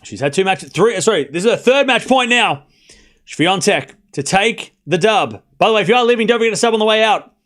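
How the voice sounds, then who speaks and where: A man with a high, bright-toned speaking voice calls tennis live for his stream. He talks casually to his chat, running through each rally quickly. At the big moments he gets excited and raises his voice to a shout. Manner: casual and chatty, with slang and asides. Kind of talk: live watchalong play-by-play commentary.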